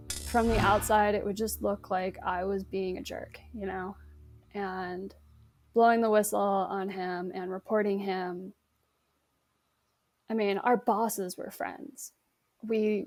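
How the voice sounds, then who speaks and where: Slow-spoken young woman recounting her story. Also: medium pitch, a little mellow. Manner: halting, nervous laughs, restarts. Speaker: interview guest recounting abuse. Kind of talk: personal testimony interview.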